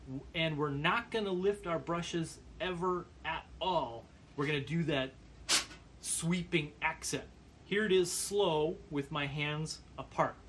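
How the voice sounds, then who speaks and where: A man giving a percussion lesson, calmly explaining brush patterns and counting beats aloud. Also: fairly high pitch, takes it slowly, a little hiss or hum. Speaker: percussion teacher. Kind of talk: instructional demonstration.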